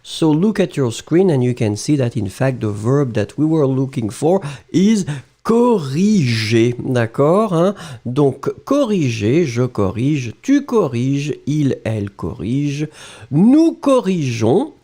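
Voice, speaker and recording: A man with a French accent teaching a live online French lesson, slowly spelling out verbs and praising viewers by name. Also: mid-range voice, very animated, mellow. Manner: encouraging, slow and spelled-out, mixing French phrases into English.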